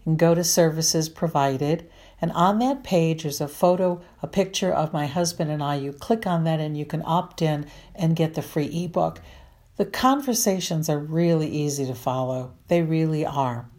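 A woman's voice: deep voice, a little mellow. A middle-aged woman marriage counselor giving earnest, repetitive advice to listeners. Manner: earnest, repetitive, slow and deliberate.

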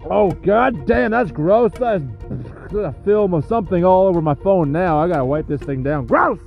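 A man's voice: high voice, normal speed, creaky, muffled recording, faint music behind. A man with a cold hosting a podcast, rambling and cursing through sarcastic trash talk. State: sniffling with a cold. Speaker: podcast host. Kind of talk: rambling crude comedic monologue.

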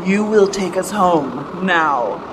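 A bossy sarcastic mind reader. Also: female voice, fairly low pitch, expressive, takes it slowly, background noise. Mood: commanding. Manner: dry, commanding, sarcastic. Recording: music underneath.

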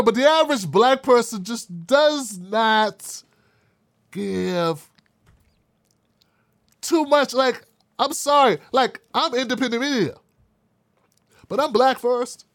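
Guy doing his own commentary stream, high voice, bouncy and expressive, sarcastic and cussing a lot, dry close sound. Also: no echo. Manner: sarcastic, mocking, profane. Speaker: independent media commentator. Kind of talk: casual online show commentary.

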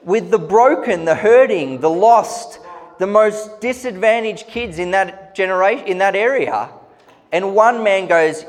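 Preacher with a fairly high voice. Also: male voice, a little slow. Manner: earnest, storytelling preacher with asides and humor. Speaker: pastor. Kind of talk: sermon. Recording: long hall reverb.

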